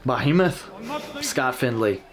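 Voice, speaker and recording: A man's voice: mid-range voice, animated, measured pace, loud music behind the voice. A man hosting a casual reaction video, talking candidly and self-deprecatingly about his own match footage.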